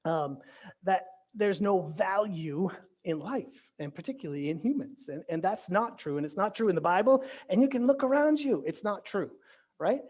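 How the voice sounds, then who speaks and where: A man's voice: sits high, lively intonation, moderate pace, darkish tone. A male pastor delivering a casual virtual sermon. He talks in a loose, conversational way, with frequent restarts and little check-ins to his listeners. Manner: conversational, lots of "right?" and restarts. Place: church or home, virtual sermon.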